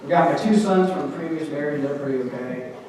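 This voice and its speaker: A man's voice: fairly high pitch, fast, a crowd in the background. A middle-aged man doing a rambling stand-up set on a small theatre stage, with punchy rises as he lands each bit. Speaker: stand-up comedian and emcee. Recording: echoey hall from far off.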